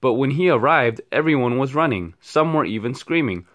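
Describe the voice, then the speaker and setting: A man narrating a children's storybook at read-aloud storytime. His reading is steady and expressive, in a medium-pitched voice that suits a young audience. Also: moderate pace, muffled recording.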